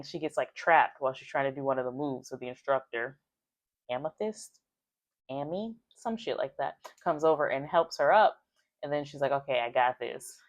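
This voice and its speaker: Woman, deep voice, casual book recap, filler-heavy, dry close sound. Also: no echo. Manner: chatty, with many "like" fillers, acting out quoted lines. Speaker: book reviewer.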